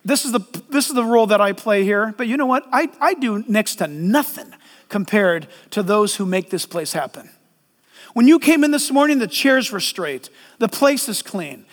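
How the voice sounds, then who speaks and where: A middle-aged man preaching a sermon as pastor, animated and joking, acting out little voices. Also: extremely high pitch. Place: large church hall. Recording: long hall reverb.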